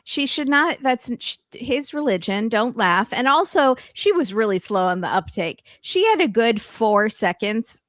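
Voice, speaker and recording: A woman's voice: on the high side, animated, a bit bright, no echo, clean studio sound. Opinionated woman chatting on a podcast. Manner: opinionated, quick asides. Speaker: podcast co-host. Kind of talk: casual chat about a reality show.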